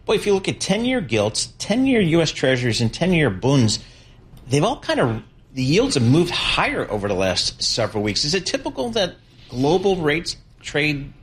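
A man's voice: on the high side, huge pitch swings, normal speed. A man co-hosting a financial talk show, asking conversational market questions. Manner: conversational, brief affirmations. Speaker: co-host. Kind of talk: financial interview.

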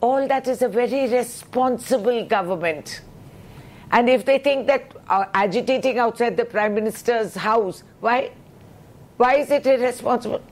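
A woman's voice: a little high, moderate pace, darkish tone. A woman member of parliament, speaking with indignation and rhetorical questions in a heated news interview.

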